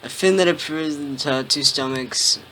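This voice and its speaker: A man's voice: fairly high pitch, moderate pace, a crowd in the background, low-quality recording. A young man trading wisecracks in comedic banter, with a sarcastic edge. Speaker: co-host.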